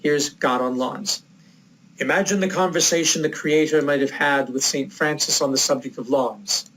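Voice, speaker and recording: A man from the United States giving a recorded lecture, telling a personal story in a reflective, measured way. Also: a little high, fairly bright tone, a little hiss or hum, rough recording.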